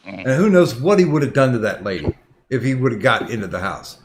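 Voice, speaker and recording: A man's voice: medium pitch, lively intonation, brisk, slight background noise. Profane, heated male podcast host. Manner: profane, heated retelling with many restarts. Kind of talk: casual storytelling chat.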